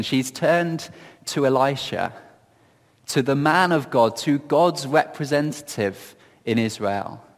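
A man giving reflective Bible teaching in a gentle, earnest storytelling manner, often asking questions of his listeners. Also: medium pitch, in a large hall. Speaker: preacher.

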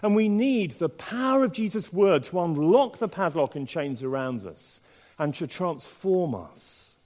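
Male preacher, slightly high voice with a very animated delivery, long hall reverb. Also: a little slow. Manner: expressive, with many rhetorical questions. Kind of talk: sermon.

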